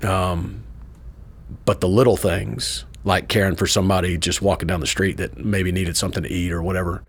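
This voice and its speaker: A middle-aged pastor in an interview, telling a personal story in a lively way, often asking "right?" and breaking into short laughs. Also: male voice, sits low, moderate pace, slightly rough. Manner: animated storyteller, tags points with "right?"; laughs between lines.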